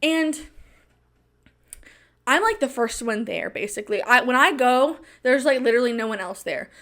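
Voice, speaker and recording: A young woman with a high, light voice talks straight into the mic in a casual monologue. She plays up every moment, repeating her lines for emphasis and breaking into laughter. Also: lively intonation, moderate pace, fairly bright tone. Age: young adult. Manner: dramatic, repeats phrases for emphasis, laughs often. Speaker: podcast host.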